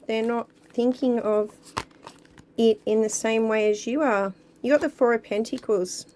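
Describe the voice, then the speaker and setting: A woman giving a casual, chatty tarot card reading to her viewers, talking at an easy, drawn-out pace. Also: fairly high pitch, steady tone, background noise. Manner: chatty, drawn-out, sings song lyrics along. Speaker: tarot reader.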